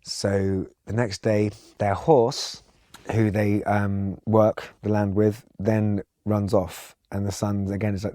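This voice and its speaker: A man, a songwriter guest on a podcast, telling a long story in a calm, reflective, conversational way. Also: on the low side, slow, dry recording, studio quality.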